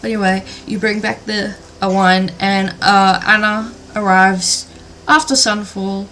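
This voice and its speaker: A woman running a tabletop game, narrating scenes at an unhurried pace. Her tone is bright and forward, and she fills her pauses with ums and likes. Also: medium pitch, steady tone, slight background noise. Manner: hesitant, filler-heavy narration. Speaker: dungeon master.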